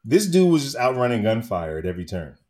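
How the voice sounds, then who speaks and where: A man co-hosting a casual movie chat, animated and laughing often. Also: medium pitch, quick pace.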